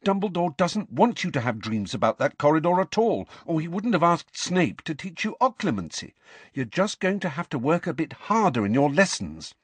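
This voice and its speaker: Man doing a bossy teen schoolgirl, sharp and insistent, higher voice, husky edge. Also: very animated, no echo. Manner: sharp, insistent and quick to snap. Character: clever, bossy teenage schoolgirl.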